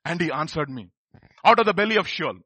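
A man's voice: fairly high pitch, expressive, brisk, bright, forceful tone, husky, no room sound. A man preaching a sermon, emphatic and firing rhetorical questions at the congregation.

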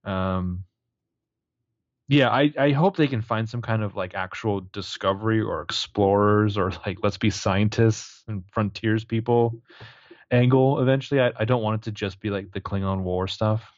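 A man co-hosting a podcast in casual chat, chatty and quick to laugh. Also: lowish voice, dry recording, dull audio. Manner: chatty, laughs easily, jokey voices. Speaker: podcast co-host.

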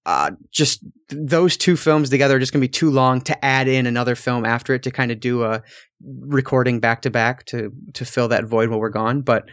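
A man's voice: medium pitch, a little fast, fairly bright tone, no room sound. Casual man hosting a movie podcast. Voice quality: chatty, swears casually. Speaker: podcast host.

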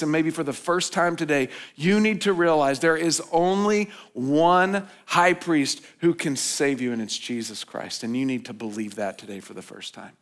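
A man preaching a sermon as pastor, telling a personal story in a conversational way, rising to emphatic points and dropping soft and low for reflection. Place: church hall.

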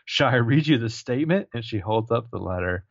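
A man co-hosting a podcast, recapping a TV episode with jokey asides and quick character impressions. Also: mid-range voice, expressive, vocal fry, slightly rough, no room sound, muffled recording. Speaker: podcast co-host. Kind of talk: casual chat.

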